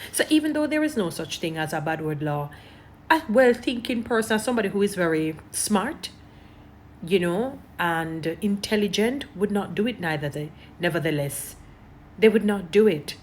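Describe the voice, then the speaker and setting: A woman's voice: medium pitch, a little mellow, a little hiss or hum. A woman with a Jamaican accent giving emphatic, preachy commentary, repeating her points to her online audience. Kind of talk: casual commentary to camera.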